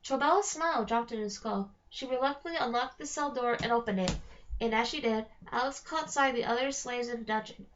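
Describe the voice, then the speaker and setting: A woman reading a novel aloud in a steady storytelling manner, slowing on key phrases. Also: on the high side. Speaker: reader. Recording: dull lo-fi recording.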